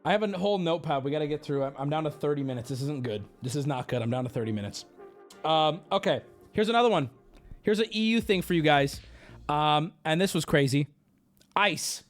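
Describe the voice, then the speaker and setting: A man's voice: on the high side, sing-song, moderate pace, pauses often. A man streaming live and chatting casually, ranting and swearing, and mimicking people in exaggerated voices.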